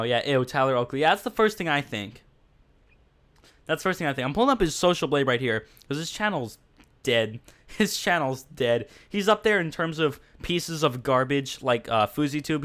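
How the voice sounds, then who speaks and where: With a smooth, clear, mid-range voice and fairly bright tone, a man runs a casual livestream podcast. He rambles, leans heavily on fillers, and mocks bluntly while talking directly to viewers.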